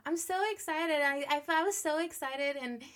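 A woman's voice: high voice, moderate pace, a bit bright. A woman co-hosting a podcast about working mothers, chatting frankly with lots of swearing and laughter. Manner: frank and profane, laughs often. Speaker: podcast co-host. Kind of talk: casual chat.

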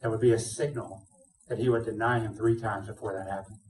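A male pastor preaching a sermon, retelling a story with lively, acted-out dialogue. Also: on the low side, a little fast, distant mic. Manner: animated storytelling, acts out dialogue. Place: church sanctuary. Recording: roomy sound, speaker away from mic.

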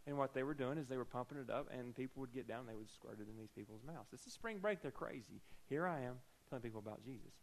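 A man's voice: medium pitch, quick pace, few pauses, rough recording. A man preaching a sermon, telling a personal story with humorous asides and acting out the dialogue.

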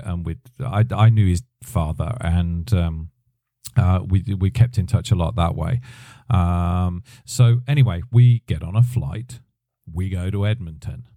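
A man's voice: deep voice, moderate pace, mellow, no room sound, clean studio sound. A middle-aged man telling a rambling personal story on his podcast, often correcting himself as he goes. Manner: rambling, self-correcting, chatty. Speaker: podcast host, drummer. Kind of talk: casual storytelling.

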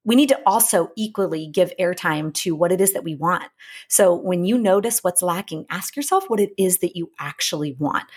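Lady coach podcasting, kinda low husky voice, earnest and chatty, slows way down to repeat the big points. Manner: earnest, repeats key lines slowly for emphasis; chatty with restarts and asides. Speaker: relationship coach and podcast host. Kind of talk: casual podcast monologue.

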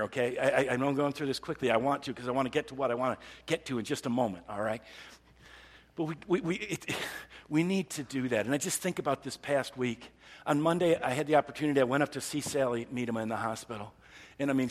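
A man delivering a conversational sermon in a church, acting out the psalmist's pleas with rising emphasis. His voice is slightly husky and sits at a middle pitch. A long hall reverb trails behind every phrase. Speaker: pastor.

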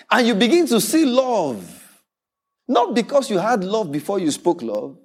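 Male pastor, high and animated, playful sermon storyteller. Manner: animated storytelling preacher, acts out quoted voices, laughs often.

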